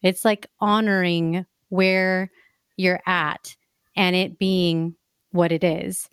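A woman hosting an interview, responding in a slow, reflective and affirming way. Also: lowish voice, flat delivery, clear, resonant tone, no room sound, studio quality. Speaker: interview host. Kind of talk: conversational interview.

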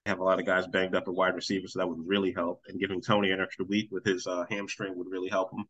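A man running a casual sports podcast, joking with friends and laying out his picks. His voice sits a bit low but comes across bright and forceful. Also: fast talker, lo-fi sound. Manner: joking, animated storyteller. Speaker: podcast host.

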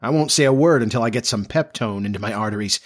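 A man reading the part of a weary, hungry gentleman inventor who talks in terse, tired, insistent bursts. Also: medium pitch, quick pace, lightly acted.

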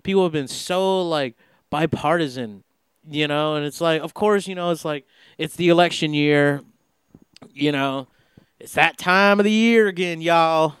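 A man's voice: fairly high pitch, a bit bright, clean tone, no echo, studio quality. A young man hosting a podcast, rambling through a casual monologue full of filler words and swearing. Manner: profane, heavy filler words, meandering. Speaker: podcast host.

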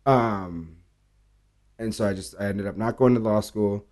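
A man with a slightly low voice tells stories in a loose, conversational way. He swears often and slips into acted-out lines from the people he is describing. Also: a little slow. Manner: animated storyteller, acts out quoted dialogue, swears freely. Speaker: bartender guest. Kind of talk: casual storytelling interview.

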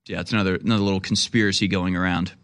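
A man's voice: deep voice, flat delivery, very fast, fairly bright tone. Sarcastic, rambling male commentary host.

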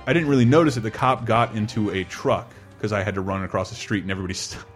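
A man in his thirties casually telling a long personal story on a podcast, animated and laughing, acting out quotes in a high voice. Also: fast talker, faint music behind. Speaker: podcast co-host.

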